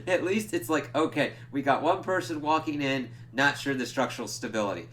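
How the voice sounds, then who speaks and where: A man with a mid-range voice rattles briskly through a TV episode recap with few pauses, over a little hiss or hum. He's an animated, swearing TV reviewer who acts out lines, trips on his words and laughs at himself.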